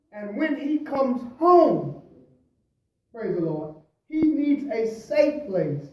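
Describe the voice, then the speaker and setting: A man, a pastor, preaching at a Bible study, swinging between loud emphasis and quiet asides, often adding "praise the Lord" and "hallelujah". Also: high-pitched. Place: church. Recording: echoey church from a distant mic.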